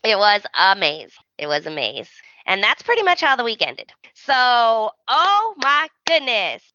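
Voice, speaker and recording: A woman co-hosting a casual podcast, recapping a soap opera with animated storytelling and acting out the characters' lines. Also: fairly high pitch, unhurried, no echo, highs cut off. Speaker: podcast co-host.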